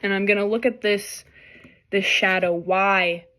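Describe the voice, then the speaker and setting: A woman doing an emotional tarot reading for the camera, talking in halting, apologetic bursts and tearing up. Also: mid-range voice, fairly even intonation, a bit bright. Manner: tearful, overwhelmed, halting and apologetic. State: crying at times. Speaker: tarot reader.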